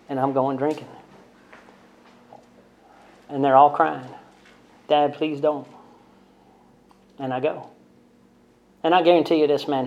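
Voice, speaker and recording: A man with a slightly raised voice tells his recovery story to a group, talking plainly and bluntly. He keeps checking in with "right?" and "man" and jokes at his own expense. The recording is muffled and low in fidelity. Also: a little mellow. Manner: conversational and blunt, with frequent "right?" and "man" tags; self-deprecating humor. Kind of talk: candid storytelling talk to a group. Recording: dull lo-fi recording.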